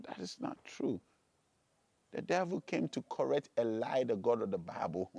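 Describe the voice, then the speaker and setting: A man preaching, reading scripture low and slowly, then rising to loud, emphatic rhetorical questions. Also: expressive, gravelly, dry recording, clean studio sound. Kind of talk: preaching sermon.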